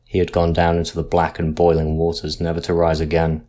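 A man reading a sea ghost story aloud in a measured, dramatic narration style. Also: low-pitched, completely flat delivery, dark tone.

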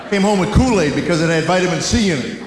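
A man's voice: sits high, animated, fast, crowd noise, background noise. A man in his fifties doing a stand-up comedy routine, telling folksy, wry stories full of rhetorical questions. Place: large hall with a laughing audience. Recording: roomy live hall recording. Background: audience laughter.

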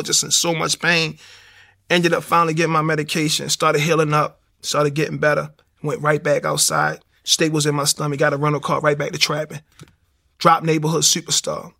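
Gravelly man telling his story. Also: fairly high pitch, bright, forceful tone. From Baltimore, USA. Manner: storytelling with acted-out dialogue. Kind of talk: personal testimony.

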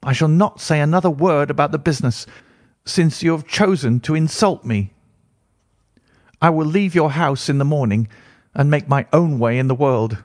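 A man's voice: a little high, moderate pace, no echo, studio quality, natural voice. A man reading out a proud, defiant young son in stiff, formal speech, lifting his voice a little for the part.

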